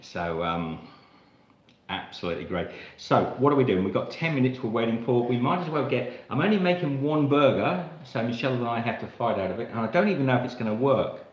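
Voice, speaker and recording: A man's voice: medium pitch, expressive, fairly quick, echoey room, lo-fi sound. An Australian man hosting a live cooking stream, chatting to viewers in a rambling way while he cooks in his kitchen. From Australia, Melbourne. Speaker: cooking channel host.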